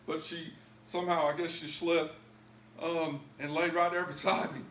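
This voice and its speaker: A man telling his own story as a testimony in a church, emotional and pleading at its high points. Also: little pitch movement, normal speed, a bit bright, echoey room, a little hiss or hum. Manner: emotional, rising to pleading highs. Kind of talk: testimony sermon.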